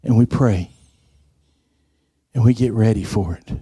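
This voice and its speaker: Man preaching with a mellow voice. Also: measured pace, slightly rough, dry recording. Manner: storytelling, acts out quoted dialogue in a higher voice. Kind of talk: sermon.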